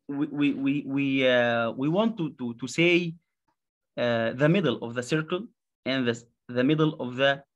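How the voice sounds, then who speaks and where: Man, Egyptian accent, English teacher, native Arabic speaker, slow, halting, many fillers. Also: mid-range voice. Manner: halting, many fillers and repeated words, drills pronunciation. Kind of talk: slow classroom explanation.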